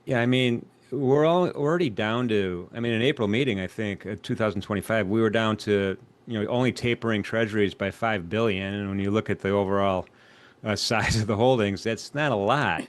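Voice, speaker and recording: A man with a fairly low voice co-hosts a live trading broadcast. He talks loosely and conversationally and often turns to the others with questions. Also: fairly quick. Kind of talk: live market discussion.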